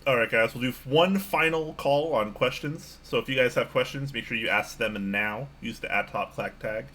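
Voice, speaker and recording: A man's voice: mid-range voice, normal speed, bright, forceful tone. A man co-hosting a casual livestream, laid-back and teasing. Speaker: co-host.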